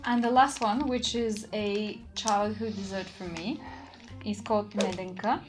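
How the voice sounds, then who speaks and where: A woman from Bulgaria hosting a casual food tasting, moving things along briskly. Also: medium pitch, fairly even intonation, over music. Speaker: host. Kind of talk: casual chat.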